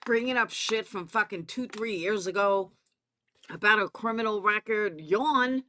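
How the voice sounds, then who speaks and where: This Southern-accented woman, a commentary YouTuber, delivers a sarcastic, profanity-laced drama rant and calls people out by name. She speaks at normal speed in a mid-range voice with a sharp edge, over slight background hiss or hum.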